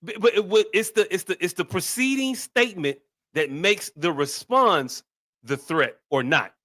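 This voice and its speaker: Male podcast co-host, high-voiced, argumentative, casual. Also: expressive, moderate pace, bright, forceful tone. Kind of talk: casual chat.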